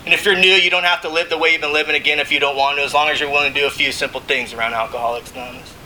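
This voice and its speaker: A man with a very bright, forceful voice and a fairly high pitch tells his recovery story to a meeting. He talks in a loose, conversational way, circling back, filling gaps with "you know what I mean" and breaking into laughs. A faint low rumble sits under the recording. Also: fairly even intonation, racing, poor audio. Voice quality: emotional, laughs between lines. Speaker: recovering alcoholic speaker. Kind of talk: AA share, speaking to a meeting.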